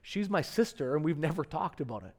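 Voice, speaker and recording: Animated pastor preaching. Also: male voice, brisk. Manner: conversational storytelling, animated rises in pitch and volume. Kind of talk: sermon.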